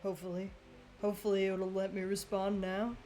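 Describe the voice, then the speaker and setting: A young woman streaming a game live, chatting casually, laughing often and reacting loudly to what happens on screen. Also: medium pitch, monotone, fairly quick, slight background noise. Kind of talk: casual gameplay commentary.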